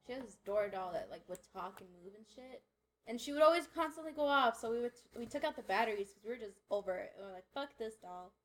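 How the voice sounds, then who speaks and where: A woman's voice: on the high side, expressive, quick pace. A woman chatting casually, blunt and swearing freely as she tells dramatic stories. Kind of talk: casual chat.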